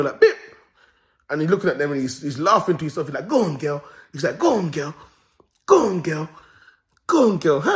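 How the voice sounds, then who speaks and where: A young man with a London accent hosting his own video, ranting in comic commentary, swearing freely and laughing at his own jokes. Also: medium pitch. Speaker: host.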